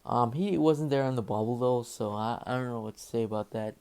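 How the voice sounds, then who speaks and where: A man's voice: medium pitch, a little fast, a little mellow, clear, resonant tone. A young man casually reading out sports news as host, hesitant with many fillers and self-corrections. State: slightly out of breath. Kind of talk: casual unscripted news rundown.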